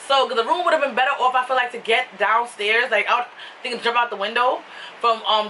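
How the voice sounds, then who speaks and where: A young woman vlogger with a New York accent, talking casually and animatedly as she tells a story. Her voice is bright and a little high. She sounds somewhat far from the mic, with faint noise behind her. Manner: animated, laughing, swings into high excited quoted voices.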